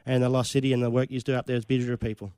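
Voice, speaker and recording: An Australian man hosts a radio interview from a dry studio with a mid-range voice. He speaks in a measured, supportive way and fills his pauses with ums. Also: mid-range voice, level tone, warm tone, clean tone, no room sound. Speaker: radio host.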